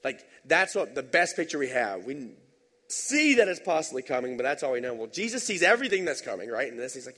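A man pastor giving a conversational, animated sermon in a church sanctuary. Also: medium pitch, brisk. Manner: conversational, animated, tag questions. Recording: long hall reverb.

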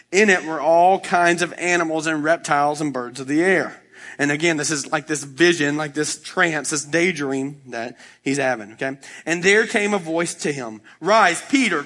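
A man's voice: a little high, a bit bright. A male pastor preaching a sermon, reading scripture and explaining it in a casual, conversational way, acting out the quotes.

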